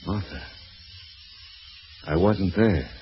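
A man playing a hard-bitten, weary drifter in an old radio drama, low and quiet. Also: extremely slow. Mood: flat. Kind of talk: 1940s radio acting. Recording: dull lo-fi old radio recording with music.

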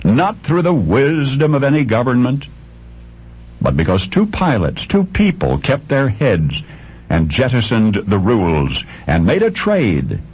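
A man telling a story in scripted radio narration, dramatic and deliberate, with long pauses and big swings up and down in pitch. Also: huge pitch swings, a little mellow, husky. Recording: dull lo-fi radio recording.

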